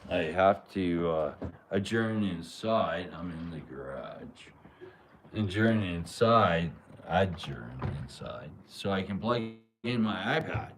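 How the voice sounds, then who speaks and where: A man's voice: low-pitched, lively intonation, slow, a little hiss or hum. A man hosting a live stream, talking in a rambling, laid-back way with lots of fillers. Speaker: livestream host. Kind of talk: casual live-stream chat.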